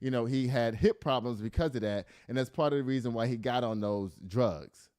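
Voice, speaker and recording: A man's voice: mid-range voice, fairly quick, no room sound, studio quality. A middle-aged man hosting casual news commentary, reading stories aloud and riffing with laughter. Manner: animated, laughing, reads stories aloud then riffs.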